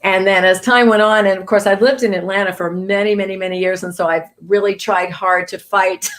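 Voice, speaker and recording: A woman from New England talking as a voice actor guest in a casual interview, chatty and animated, laughing often. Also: mid-range voice, a little fast.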